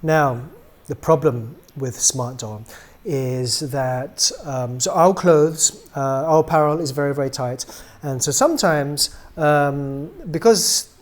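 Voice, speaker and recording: Middle-aged man, slightly higher pitch, loose chatty demo delivery, filler-heavy, phrase endings fade soft. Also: slow, few pauses. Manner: relaxed and chatty, many ums, trails off quietly at ends of phrases. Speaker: doll maker demonstrating a product. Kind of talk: casual product demonstration.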